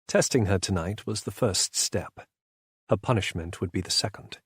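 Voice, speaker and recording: A man narrating a first-person audiobook in a measured, brooding way. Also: low voice, breathy edge, no echo, clean studio sound.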